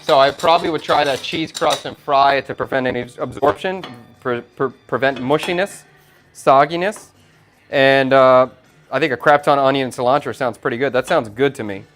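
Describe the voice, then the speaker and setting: A man's voice: medium pitch, normal speed, fairly bright tone, faint music behind. A middle-aged man, a chef hosting a casual cooking livestream, chatting loosely and thinking aloud while he cooks.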